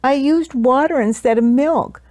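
A woman voicing a panicked male baker who pleads and frets in a high, strained voice. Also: unhurried, a little mellow, no echo, studio quality. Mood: desperate.

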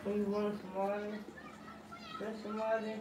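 A woman's voice: mid-range voice, completely flat delivery, moderate pace, background noise. Distant woman teasing off-mic in a roomy space. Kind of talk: casual off-mic banter.

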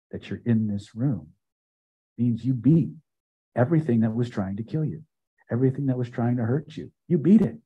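An older man leads a live seminar with emphatic, driving delivery. His voice is husky, mid-pitched, and the recording is dull and lo-fi. He swings from loud peaks to near silence. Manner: emphatic, builds repeated phrases to loud peaks then drops quiet. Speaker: hypnosis and self-help trainer. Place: seminar room with audience.

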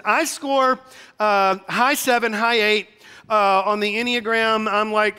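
Bright high-voiced pastor in a reverberant hall. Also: male voice. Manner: energetic, rises to shouting bursts; leads congregation call-and-response. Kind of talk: sermon. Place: church sanctuary.

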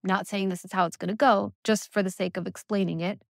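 Gravelly-voiced woman hosting a spiritual podcast. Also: mid-range voice, fairly even intonation, fast talker, no echo, studio quality. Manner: earnest, rambling, with many "you know" and "like" fillers. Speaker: podcast host. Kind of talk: spiritual solo podcast talk.

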